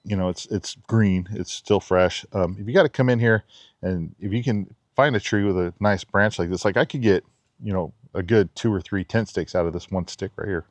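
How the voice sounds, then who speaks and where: A man's voice: deep voice, moderate pace, no room sound. A man chatting casually as he shows off a knife outdoors in his backyard, laid-back with giggly asides. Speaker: knife reviewer. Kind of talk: casual outdoor demo talk.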